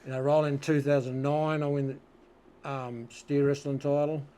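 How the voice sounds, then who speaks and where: A man's voice: fairly high pitch, level tone, normal speed, dark tone, clear, resonant tone. A man with an Australian accent telling rodeo stories as an interview guest, laid-back, swearing freely and often asking "you know what I mean". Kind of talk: casual storytelling.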